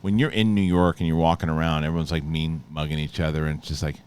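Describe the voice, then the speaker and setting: A man hosting a casual film discussion, quick, excitable and jokey. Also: a bass voice, clean tone. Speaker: host.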